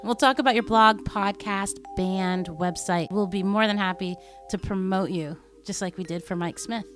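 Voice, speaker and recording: A woman's voice: medium pitch, fairly bright tone. A woman hosting a music podcast, chatting casually, laughing along, and spelling out web addresses. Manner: chatty, giggly, reads web addresses slowly. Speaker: podcast host. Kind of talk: casual podcast chat with promo reads.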